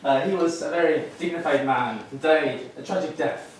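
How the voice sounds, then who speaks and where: A man's voice: fairly high pitch, moderate pace, faint music behind, voice pushed down, natural voice. A young man playing a boastful Zorro-like Spanish swordsman in a stage sketch, with a hammy put-on Spanish accent and broken English. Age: young adult. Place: student theatre stage. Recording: echoey hall from far off.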